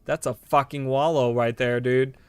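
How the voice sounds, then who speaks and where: A man's voice: medium pitch, fairly even intonation, moderate pace, clear, resonant tone, dry recording. A man streaming a game live, rambling to his viewers with bursts of delighted exclamations and casual swearing. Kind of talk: casual live gameplay commentary.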